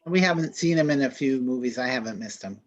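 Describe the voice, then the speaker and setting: A podcast host in an easygoing group chat, speaking at an ordinary middle pitch. They ramble and interrupt their own thoughts, then steer the discussion with dry, wry asides. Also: expressive, quick pace, lo-fi sound. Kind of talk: casual chat.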